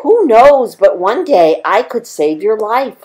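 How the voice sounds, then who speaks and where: A tiny mother mouse squeaks in a high, small voice, as a woman reads her lines to children. She is polite and timid yet brave. The squeak stays well above the reader's own voice. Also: sing-song, takes it slowly, a little mellow. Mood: pleading.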